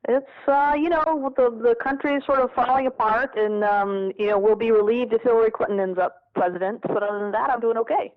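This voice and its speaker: A woman's voice: on the high side, brisk, hardly any pauses, dry recording, narrow, tinny audio. A woman, a political organizer, answering interview questions in an earnest, thoughtful way with frequent restarts.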